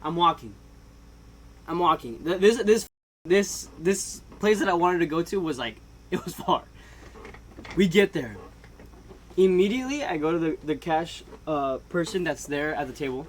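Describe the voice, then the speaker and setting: A man telling a comedic storytime, animated and casual, swinging between loud outbursts and hushed asides and laughing often. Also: fairly high pitch, moderate pace, a little hiss or hum. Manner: casual slang and swearing. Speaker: vlogger.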